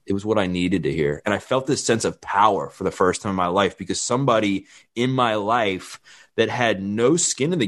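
A man in his thirties, a fitness trainer, candidly telling his life story in a plain-spoken way and acting out the dialogue he quotes. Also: on the low side.

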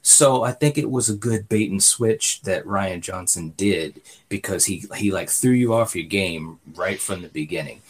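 A man's voice: low voice, normal speed, few pauses, breathy edge. A man co-hosting a podcast, talking through a movie review in a rambling, casual way full of fillers. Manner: rambling, filler-heavy, often says "you know". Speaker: podcast co-host.

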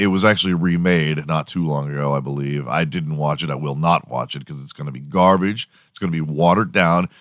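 A man hosting a morning show, rambling through a profane, animated solo monologue. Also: deep voice, dry recording, studio quality. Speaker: podcast host.

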